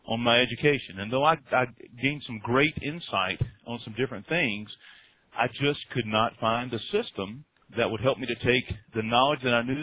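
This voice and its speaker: A man's voice: mid-range voice, dry recording. Southern man on a tinny phone line. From North Carolina, US. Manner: earnest, self-deprecating, folksy. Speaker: client guest on a call. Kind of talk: testimonial talk on a conference call. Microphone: phone call. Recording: dry phone-line audio.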